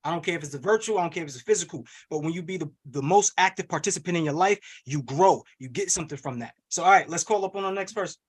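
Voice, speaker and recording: High-pitched, fast-talking hype coach man. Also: breathy edge. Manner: energetic, preachy, rallying call-and-response. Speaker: wealth coach hosting a webinar. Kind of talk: hype motivational webinar coaching. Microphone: video call.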